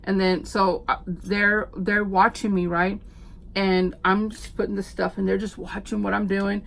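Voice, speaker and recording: A middle-aged woman, a homeschooling mom telling stories in a chatty, animated vlog. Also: medium pitch, unhurried, gravelly. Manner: chatty, animated storyteller with frequent fillers. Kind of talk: casual chat.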